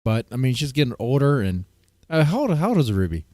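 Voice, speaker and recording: A man's voice: medium pitch, sing-song, quick pace, mellow, no room sound, clean studio sound. Rambling man reacting on stream. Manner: rambling, crude, lots of fillers. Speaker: streamer host. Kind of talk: casual reaction commentary.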